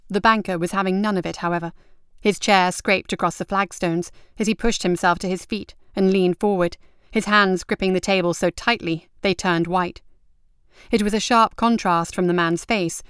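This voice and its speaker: A woman narrates a novel with measured, even storytelling. Her voice sits low and smooth, recorded dry and close. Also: no room sound. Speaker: audiobook narrator. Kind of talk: scripted narration.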